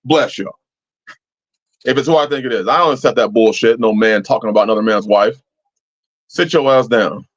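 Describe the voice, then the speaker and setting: A man's voice: mid-range voice, moderate pace, pauses often, husky, dull audio. A man hosting a live-chat stream, talking casually and preachily, swearing freely as he answers viewers. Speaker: livestream host.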